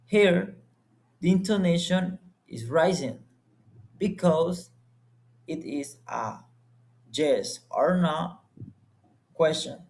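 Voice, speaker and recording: Slow, careful young man with gravelly voice. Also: a little high, animated, a little mellow. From Colombia. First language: Spanish. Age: young adult. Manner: deliberate, word-by-word delivery. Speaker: student presenter. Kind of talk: slow, careful class presentation.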